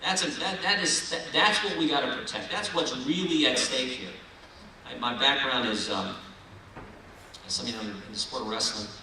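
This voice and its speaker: A man's voice: mid-range voice, moderate pace, bright, forceful tone, a little hiss or hum. Folksy man speaking in an echoey hall. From Ohio. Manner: folksy, storytelling, rousing. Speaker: keynote speaker. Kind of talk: political dinner speech. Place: large banquet hall. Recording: echoey hall, mic heard from far.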